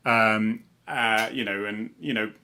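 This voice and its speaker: A man's voice: fairly low pitch, steady tone, slow, pushed and bright, clear, resonant tone. A middle-aged man from Cornwall, co-hosting a casual chat over a video call, rambling and chuckling as he corrects himself. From Cornwall, England. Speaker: co-host, former police officer.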